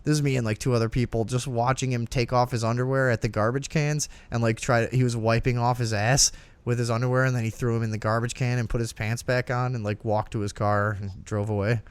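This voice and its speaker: Profane, animated male podcast host. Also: mid-range voice, quick pace, clear, resonant tone, dry recording. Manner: profane, animated storyteller acting out quotes. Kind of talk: crude storytelling on a comedy talk show.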